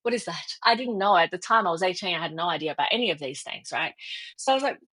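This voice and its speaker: A woman's voice: fairly low pitch, fast, breathy edge. A middle-aged woman, a guest expert, telling a personal story in an interview and acting out the dialogue. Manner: animated, acts out quoted dialogue with laughs.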